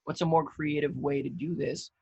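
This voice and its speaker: Male podcast guest, slightly high, husky tone, relaxed and candid, dry studio sound. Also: normal speed, no echo, poor audio. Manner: relaxed, thoughtful, swears casually. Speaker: podcast guest, actor and content creator. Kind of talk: casual conversation.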